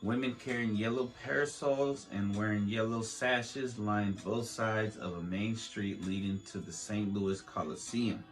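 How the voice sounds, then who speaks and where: A man's voice: fairly low pitch, fairly even intonation, a little slow, few pauses, soft background music, low-quality recording. A man hosting a podcast, reading a history aloud with stumbles, restarts and joking asides. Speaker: podcast host. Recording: faint beat playing under the voice.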